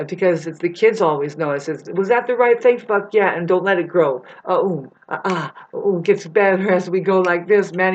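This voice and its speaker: A woman rambles through a spiritual monologue with plenty of swearing, her voice a touch low. She drifts from soft asides to loud bursts. The recording is dull and lo-fi. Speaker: vlogger.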